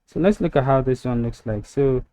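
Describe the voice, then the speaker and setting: A man's voice: medium pitch, moderate pace, dark tone, no room sound. A man walking through a website-building tutorial step by step, narrating over a screen recording with frequent ums. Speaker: web design tutor.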